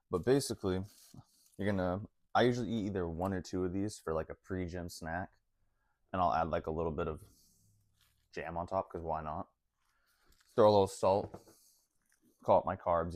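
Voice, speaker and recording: Young fitness vlogger, deep voice, loose slangy delivery, dry sound. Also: male voice, a little mellow, dry recording. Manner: laid-back, slangy, full of "like" and "honestly". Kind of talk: casual talk to camera.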